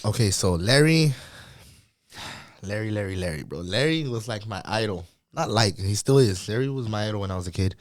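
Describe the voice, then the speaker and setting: Laid-back man with a low, dry voice. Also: animated, fairly quick, dry recording. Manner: laid-back slangy talk, laughs often. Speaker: guest singer. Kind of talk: casual podcast interview.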